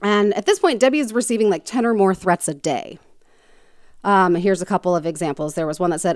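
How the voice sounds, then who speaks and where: A woman's voice: fairly low pitch, a little fast, darkish tone, no room sound, studio quality. A woman hosting a podcast, casually retelling a true crime story with lots of fillers and joking asides. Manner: chatty, many fillers like "um" and "like", jokey asides.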